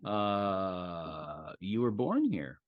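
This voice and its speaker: A man's voice: deep voice, sing-song, drawn-out words, no echo, dull audio. A man running a tabletop role-play session as game master, narrating in a loose, easygoing way with plenty of fillers.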